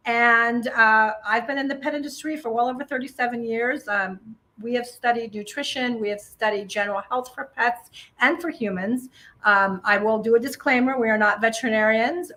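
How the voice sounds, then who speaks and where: Casting: middle-aged woman guest, friendly explainer, fairly high and bright. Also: poor audio. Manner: friendly, explanatory, many ums. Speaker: guest, pet nutrition specialist. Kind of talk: casual interview talk.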